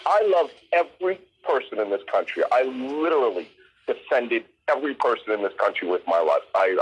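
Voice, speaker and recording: A man's voice: fairly low pitch, a bit bright, breathy edge, rough recording. A man from Philadelphia, a guest commentator, speaking with emotional passion. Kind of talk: impassioned political commentary.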